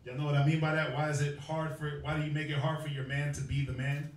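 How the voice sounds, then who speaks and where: A man's voice: on the high side, level tone, fast talker. A man preaching to a crowd, firing questions at them in a call-and-response Bible teaching. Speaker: street preacher. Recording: echoey space, far from the mic.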